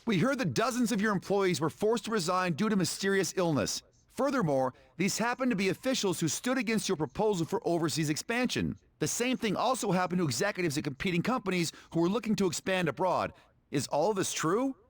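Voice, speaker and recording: A man's voice: high-pitched, sing-song, brisk, dry recording. An actor playing a male reporter who presses a company chief with pointed questions. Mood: pressing. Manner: pressing, interrogating.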